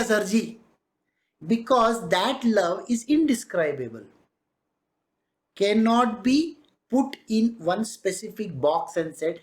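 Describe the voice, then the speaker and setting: A spiritual teacher with an Indian English accent delivers a devotional discourse in a conversational, animated manner. The talk is peppered with laughter and quick asides in Hindi. Quoted people get acted out with bits of voice play, so the teaching stays lively and personal. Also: mid-range voice.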